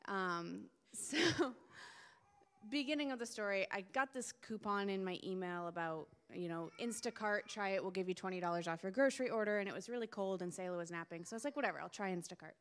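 A woman's voice: medium pitch, brisk, a bit bright, clean tone. A young woman telling a casual testimony at a church gathering, chatty and self-deprecating, laughing often. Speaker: church member sharing a testimony. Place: church meeting room. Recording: echoey hall.

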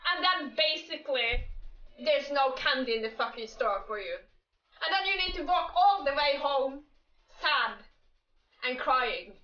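A woman's voice: high-pitched, expressive, unhurried, dull audio. A woman giving a casual, profane, exasperated rant about game characters, breaking into laughter often. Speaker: gaming creator. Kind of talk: casual ranting commentary. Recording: echoey room, distant mic, faint music.

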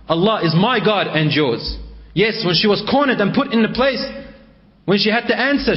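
A male preacher tells a story in a sermon, his voice sitting high. He swings from raised passages to hushed ones. The recording sounds slightly dull and lo-fi. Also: moderate pace.

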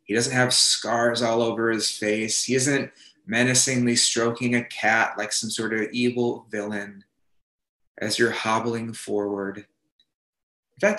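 A man's voice: mid-range voice, fairly bright tone, reverberant. A male pastor preaching a sermon, retelling a story in the second person and voicing the characters' lines as he goes. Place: church.

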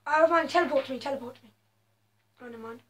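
With slight background noise, this gaming host speaks rapid-fire in a high voice. Her casual commentary over her own play pokes fun at her skills and bursts into abrupt exclamations.

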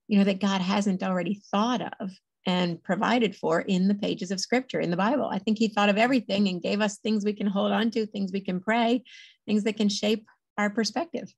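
Gravelly, husky woman guest. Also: mid-range voice, no echo. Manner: earnest, chatty, quick laughs. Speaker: podcast guest, author. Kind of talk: casual interview talk.

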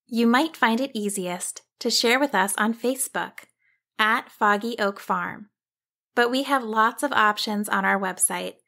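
A woman hosting a children's podcast, narrating a fairy tale in a gentle, measured way. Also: mid-range voice, gravelly, no echo, studio quality. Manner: gentle, measured, slow storytelling. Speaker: storyteller and podcast host.

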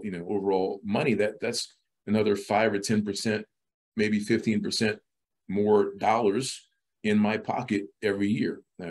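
A man's voice: fairly low pitch, darkish tone. A middle-aged man as a podcast guest, talking casually with many restarts and repeated words. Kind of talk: casual interview talk.

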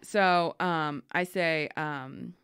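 A woman's voice: deep voice, extremely slow, clear, resonant tone. A woman co-hosting a podcast, chatting casually and acting out voices while she tells stories. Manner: animated, acts out voices in stories. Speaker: podcast co-host. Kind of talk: casual storytelling chat.

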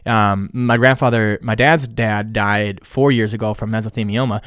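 A man's voice: fairly low pitch, fairly even intonation, normal speed, fairly bright tone, clear, resonant tone, no echo, studio quality. Young man telling a rambling story. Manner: rambling, profane, with sarcastic asides. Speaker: podcast host. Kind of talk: casual personal storytelling.

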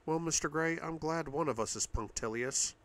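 A man's voice: fairly high pitch, moderate pace, fairly bright tone, voice pushed up. A man voicing a playful teasing young woman.

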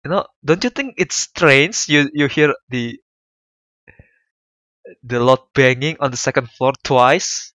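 A man's voice: medium pitch, slow pace, pauses often, a bit bright, no room sound. Emotional young man reacting to a game. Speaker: streamer. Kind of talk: let's play commentary.

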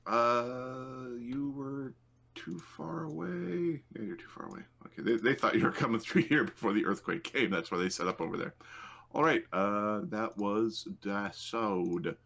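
A man running a tabletop game as game master, unhurried and thinking aloud with many fillers. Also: mid-range voice, gravelly, fairly bright tone.

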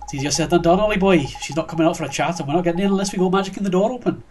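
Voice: medium pitch, very fast, a little mellow, a little hiss or hum, lightly acted. A gamer doing a cheeky slangy fairy sidekick. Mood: chummy. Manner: slangy, matey, calls the boy Ollie boy.

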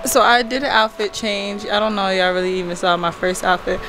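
A young woman vlogging in a casual, animated way, full of slang and swearing. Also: medium pitch, brisk, heavy background noise. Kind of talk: casual vlog chat. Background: loud music.

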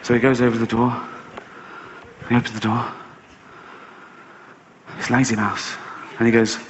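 A man's voice: mid-range voice, flat delivery, normal speed, long pauses, lo-fi sound, slight background noise. A middle-aged man doing a stand-up routine, telling a story sardonically and swearing casually. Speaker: stand-up comedian. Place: live stage show.

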